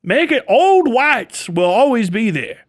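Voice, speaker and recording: A man voicing a scheming older man who talks with a put-on accent, low and drawn out. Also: big pitch swings, a little slow, full character voice.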